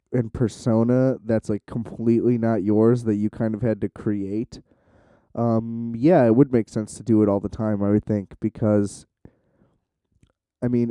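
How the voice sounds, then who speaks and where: A man's voice: on the low side, dark tone, clean tone, no echo, clean studio sound. Rambling, profane male podcast host. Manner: rambling, profane, lots of fillers; self-described shy. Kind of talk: casual solo podcast monologue.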